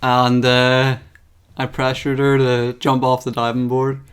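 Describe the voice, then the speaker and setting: A man's voice: medium pitch, completely flat delivery, a little slow, fairly bright tone, clear, resonant tone. Young man telling a story with casual swearing. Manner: laughs often, swears freely, tells stories conversationally. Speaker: podcast host. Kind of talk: casual chat.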